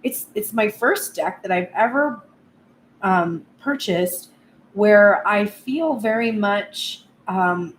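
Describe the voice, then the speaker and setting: A woman's voice: mid-range voice, slow. A woman tarot reader speaking reflectively and earnestly at length in a spoken tarot reading vlog. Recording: echoey room with faint background noise.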